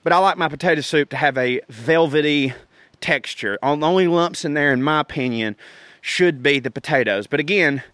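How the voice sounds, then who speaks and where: A man's voice: fairly high pitch, fairly quick, fairly bright tone, no room sound. A man, hosting a podcast and talking through a recipe in a rambling, folksy, profane, joking way. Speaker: podcast host. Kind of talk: casual cooking talk.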